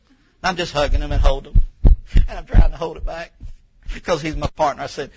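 A man's voice: fairly high pitch, fairly quick, long pauses, husky, low-quality recording. A man in his thirties preaching a sermon in church, folksy and emotional, telling personal stories that rise toward tears. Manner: folksy, emotional storytelling, rising to near tears. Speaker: pastor.

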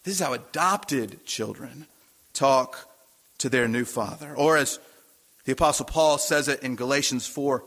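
A man's voice: mid-range voice, unhurried, fairly bright tone. A man, a pastor, preaching a sermon in a conversational way, asking the congregation questions.

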